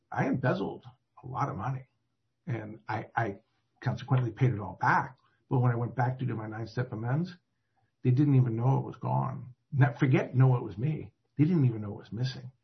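A man telling his own recovery story in a rambling, self-deprecating way, acting out what others said. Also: mid-range voice. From Atlanta area. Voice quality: husky. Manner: self-deprecating, rambling, restarts and acted quotes. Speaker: recovery speaker. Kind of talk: personal recovery story told to a group. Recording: dull lo-fi recording.

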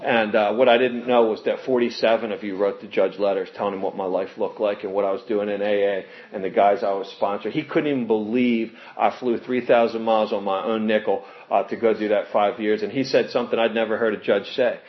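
A man telling his personal recovery story to an audience, earnest and animated when quoting others. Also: on the low side, brisk, hardly any pauses. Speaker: recovery speaker. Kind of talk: personal testimony talk. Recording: muffled lo-fi recording.

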